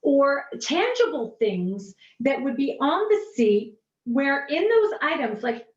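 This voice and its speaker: A woman coaching on pitching during a video call workshop, animated and gushing, often restarting her sentences. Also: takes it slowly. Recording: dull, roomy, distant video call audio.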